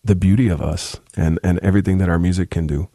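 A young adult man with a deep, gravelly voice, speaking as an interview guest in a thoughtful, halting way with many restarts. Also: fairly even intonation, mellow, no room sound, studio quality. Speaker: musician guest. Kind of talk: casual interview talk.

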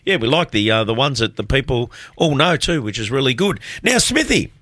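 Australian man, community radio host, chatty and rambling, bright forceful tone, dry studio sound. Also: mid-range voice, big pitch swings, a little fast, dry recording. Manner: rambling, self-deprecating, chatty. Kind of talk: casual radio chat.

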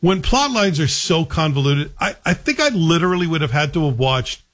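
A man's voice: a little high, lively intonation, brisk, fairly bright tone. Wry, chatty man reviewing TV. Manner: wry, conversational, asks the listener questions. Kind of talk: casual spoken TV review.

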